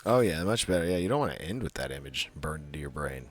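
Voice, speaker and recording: A man co-hosting a podcast over a video call, chatting casually and laughing a lot while retelling scenes in quick voices. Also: very deep voice, big pitch swings, breathy edge, soft background music. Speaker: podcast co-host. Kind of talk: casual chat.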